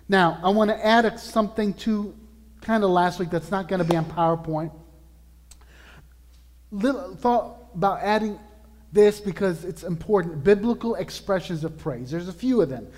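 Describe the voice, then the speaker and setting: Man, pastor, earnest sermon, emphatic, high voice, long hall reverb. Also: darkish tone. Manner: earnest, emphatic preaching with slow drawn-out lists.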